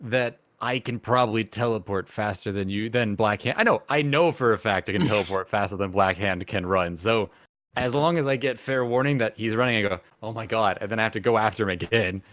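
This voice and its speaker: Male player, lowish, cracks jokes and brags. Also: a little fast, a bit bright, no room sound, clean studio sound. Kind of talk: tabletop role-play.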